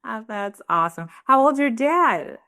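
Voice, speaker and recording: A woman's voice: a little high, lively intonation, unhurried, bright, forceful tone. A woman co-hosting a parenting podcast, asking a guest encouraging, casual questions. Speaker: podcast co-host. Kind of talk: casual interview chat.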